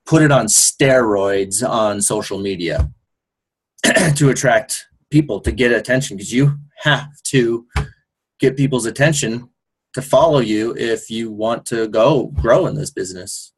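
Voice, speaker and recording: Man, mid pitch, upbeat group coach on a video call, loose and encouraging. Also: measured pace, husky. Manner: enthusiastic, encouraging, loose and rambling. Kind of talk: casual motivational group call.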